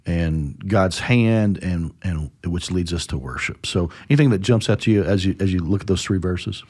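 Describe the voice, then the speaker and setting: A man with a lowish voice hosts a relaxed church discussion. He retells scripture with energy and jumps into character voices as he acts out the lines. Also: moderate pace. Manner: animated retelling, acts out dialogue with lively pitch jumps. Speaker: church podcast host. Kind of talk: conversational Bible discussion.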